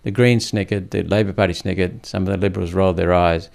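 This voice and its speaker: A man's voice: low-pitched, fairly even intonation, quick pace, creaky, darkish tone. A man born in India, a senator speaking as a podcast guest, blunt and emphatic in casual interview talk.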